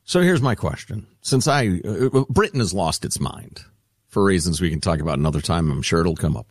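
A man's voice: deep voice, animated, fairly quick, no echo, studio quality. A man co-hosting a talk radio show, joking in a playful, casual way. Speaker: radio co-host.

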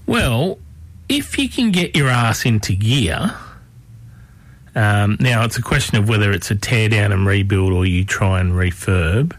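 A man hosts a radio show in a slow, meandering way. He rambles through his chat with fillers, restarts and self-deprecating asides. His voice is recorded dry and close on a studio microphone. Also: mid-range voice, no echo.

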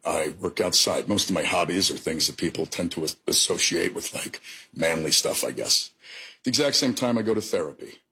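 A man answering an interview question in a measured, plain-spoken way. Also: low voice, lively intonation, bright, forceful tone, slightly rough. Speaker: interview guest.

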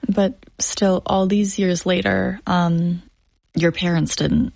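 A woman interviewing a guest, asking gentle questions and giving supportive short replies. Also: fairly low pitch, fairly even intonation, slow, vocal fry, dry recording.

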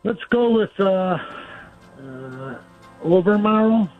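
A man's voice: high voice, expressive, slow pace, soft background music. A man calling in to a radio show, chatting casually and laughing often. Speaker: caller. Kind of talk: casual radio call-in chat. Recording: tinny phone line.

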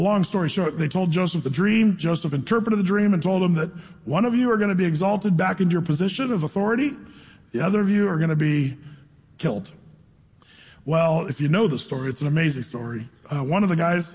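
Husky high-voiced male preacher in a reverberant hall. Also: a little mellow. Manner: informal storytelling with dramatic slow reading. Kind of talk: sermon, reading scripture then retelling the story. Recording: long reverb of a large hall.

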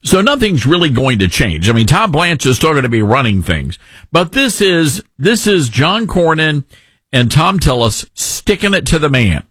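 A man's voice: fairly high pitch, very animated, moderate pace, fairly bright tone, husky, no echo. A middle-aged man hosting a call-in talk show, giving sarcastic, opinionated commentary and mocking people he disagrees with. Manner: sarcastic, mocks others with put-on voices. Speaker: call-in radio show host.

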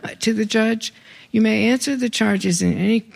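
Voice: medium pitch, normal speed, creaky. An author reading their own prose aloud to a live audience, with wry, conversational asides between passages.

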